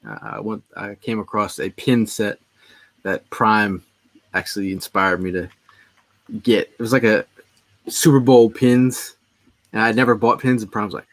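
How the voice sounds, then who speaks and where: A man's voice: on the low side, steady tone, a little slow, long pauses, no room sound. A man hosting a casual sports podcast, reading out viewer questions in an easygoing way. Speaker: podcast host.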